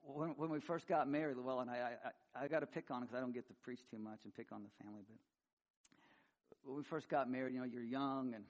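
A middle-aged man preaching a sermon, swinging between loud, high emphasis and quiet, low asides. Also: steady tone, quick pace, highs cut off. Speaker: pastor.

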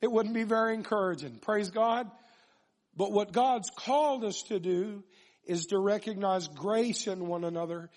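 Guy preaching a sermon, pretty high voice, reads the bible passage then repeats stuff for emphasis. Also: darkish tone. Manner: reads scripture aloud, then preaches with repetition and rhetorical questions.

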